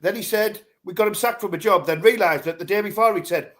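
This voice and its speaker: Brief: man, high voice, co-host, crude laughing banter. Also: quick pace, a bit bright. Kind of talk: casual chat.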